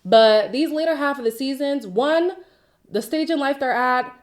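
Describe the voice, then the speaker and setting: A woman's voice: sits high, normal speed. A woman hosting a casual reality TV recap, chatty and sassy, talking straight at the people she reviews and ending her points with a pointed "okay?".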